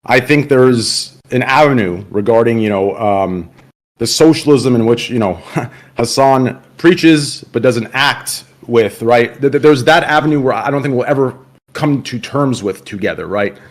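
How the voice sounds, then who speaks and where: Hedging man with a mid-pitched voice. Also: measured pace. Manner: hedging, full of you know and right. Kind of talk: conversational clip commentary.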